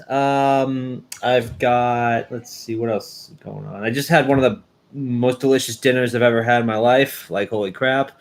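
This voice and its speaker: Young man, streamer, casual chat, middle pitch, rambling, lots of fillers. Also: fairly even intonation, moderate pace. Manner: rambling, warm-hearted storytelling with many fillers. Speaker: streamer, schoolteacher.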